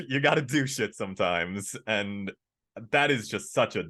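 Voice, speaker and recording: A man, a voice actor, chatting casually in an interview, animated and candid, laughing easily. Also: a little slow. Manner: animated, acts out quoted lines with big pitch jumps. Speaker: voice actor guest.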